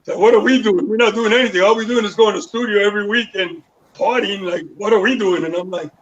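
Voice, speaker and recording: A Panamanian man in his sixties recounts his life story as an interview guest, acting out the voices of the people he describes. He talks fast in a high voice with a fairly bright tone, and the recording has a dull, lo-fi quality.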